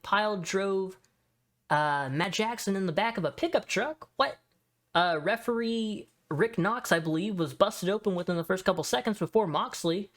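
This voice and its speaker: A young man giving casual, excitable tier-list commentary, swearing freely and saying dude a lot. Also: sits high. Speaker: wrestling video host.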